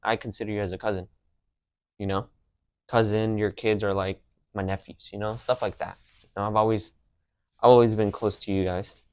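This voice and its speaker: A man's voice: on the low side, level tone, moderate pace, long pauses, a little mellow, clean tone, no room sound. A young man hosting a podcast, telling personal stories in a casual, slangy way. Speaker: podcast host.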